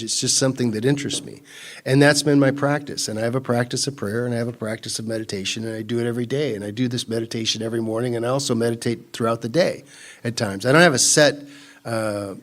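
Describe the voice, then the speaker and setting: A man from California speaking at a recovery retreat, rambling through his story with many restarts and easy laughter. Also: mid-range voice. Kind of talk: personal talk at a recovery retreat.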